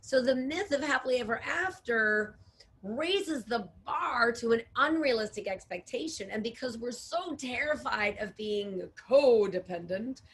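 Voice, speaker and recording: A woman relationship coach co-hosting a casual chat, animated and quick to laugh. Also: a little high. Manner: animated, laughs often, acts out clients' voices. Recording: faint background noise.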